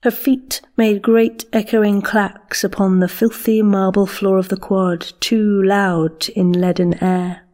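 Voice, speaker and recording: Slow, steady woman narrating. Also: mid-range voice. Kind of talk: scripted dark fantasy narration.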